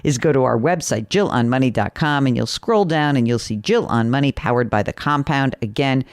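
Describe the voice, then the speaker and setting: A woman's voice: extremely low pitch, fairly quick, dry recording. A woman hosting a money call-in radio show, chatty and teasing with callers. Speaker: host.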